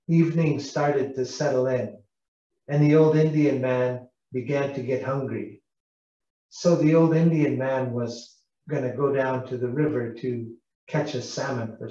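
Slow, mellow-voiced man telling stories. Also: medium pitch. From British Columbia, Canada. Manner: gentle, unhurried, asks listeners questions. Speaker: Indigenous cultural interpreter. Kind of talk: storytelling lesson for schoolchildren. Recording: echoey, distant, dull live broadcast sound.

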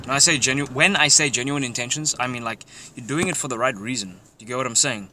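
A man's voice: medium pitch, quick pace, bright, forceful tone. A young man giving loose, profane social advice in casual chat while driving, laughing often. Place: in a car, driving outdoors. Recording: noisy car interior. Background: car and street noise.

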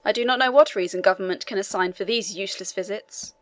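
A man's voice: sits high, quick pace, fairly bright tone. A woman reading the part of a tired, faintly condescending man, a prison inspector, in an audiobook. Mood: weary, dismissive.

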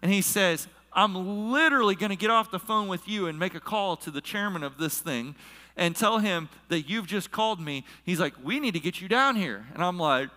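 A high-voiced male pastor preaches and tells a personal story, slipping into the voices of the people in it. His tone is sharp and bright, and it carries through the long reverb of a large church hall. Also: expressive, normal speed. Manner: storytelling, acts out quoted voices. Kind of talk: sermon.

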